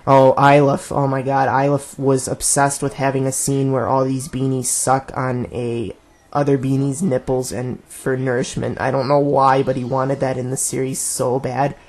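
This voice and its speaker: A man's voice: mid-range voice, flat delivery, normal speed, darkish tone. Laid-back rambling male commentator. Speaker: director of a web series. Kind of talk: casual director's commentary.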